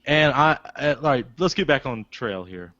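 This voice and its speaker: A man co-hosting a podcast in casual, joking chat, with loud bursts of laughter. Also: mid-range voice, lively intonation, moderate pace. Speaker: podcast co-host. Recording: dry, slightly dull podcast audio.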